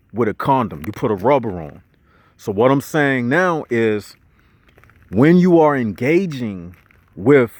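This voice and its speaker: A man's voice: medium pitch, dry recording. A man vlogging outdoors on a nature trail, giving a casual street-slang spiritual lecture in a preachy way, repeating his points and explaining his own metaphors.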